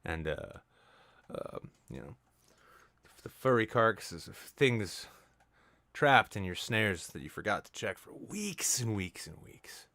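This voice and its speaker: A man's voice: fairly low pitch, slow pace, dry recording. Man riffing absurd jokes, dry close sound. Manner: rambling, absurd deadpan riffing. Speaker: podcast host. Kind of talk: comedic casual chat.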